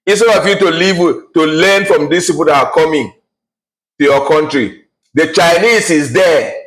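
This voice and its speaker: A man's voice: a little high, normal speed, fairly bright tone, rough recording. Blunt man ranting. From Nigeria. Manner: blunt, heated, scornful, with many restarts and fillers. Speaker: vlogger. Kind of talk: ranting to camera.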